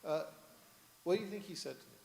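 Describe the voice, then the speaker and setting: A man's voice: high voice, lively intonation, fast talker, gravelly, darkish tone, slight background noise. A man, a rabbi, giving a storytelling sermon from the bima and asking the congregation questions. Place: synagogue sanctuary, on the bima. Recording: echoey hall, roomy reverb.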